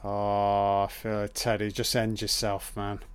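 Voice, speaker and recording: A man's voice: on the low side, monotone, measured pace, smooth, no echo. Profane, easily surprised male film commentator. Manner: swears a lot, exclaims in surprise. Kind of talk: casual reaction commentary.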